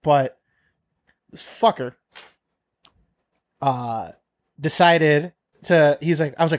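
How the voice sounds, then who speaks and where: Profane storytelling man, higher voice. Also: slow pace, long pauses. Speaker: podcast co-host. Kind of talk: casual storytelling chat.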